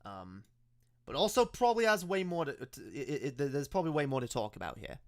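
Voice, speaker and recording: A man's voice: on the high side, sing-song, a little fast, no echo, clean studio sound. A man from Canada with an unusual mixed accent, hosting sarcastic reaction commentary, stammering and laughing often. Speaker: commentary video host.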